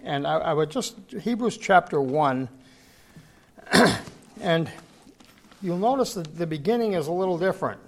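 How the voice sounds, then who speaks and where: Fairly high-voiced man teaching scripture. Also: animated, gravelly. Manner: rambling, anecdotal, many restarts; slow, emphatic scripture reading. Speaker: Bible study teacher. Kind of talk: informal sermon. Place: church gathering, in person.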